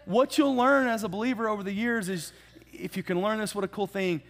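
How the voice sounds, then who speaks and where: A man preaching a sermon in a casual, animated storytelling way, with humorous asides. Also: high-pitched, fairly quick. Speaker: pastor.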